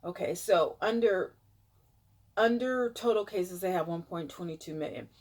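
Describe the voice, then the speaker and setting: A woman's voice: fairly low pitch, moderate pace, a little mellow. A woman vlogging, reading out statistics in a dismayed way. Her nose is stuffed up, and she sometimes drops to a whisper to react. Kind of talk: casual vlog reading statistics aloud.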